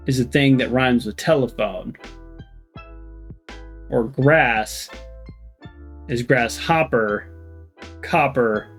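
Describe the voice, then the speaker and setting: A man commentates a game playthrough, joking and rambling while reading the characters' lines aloud in playful voices. He's a let's play host with a medium-pitched, slightly bright voice.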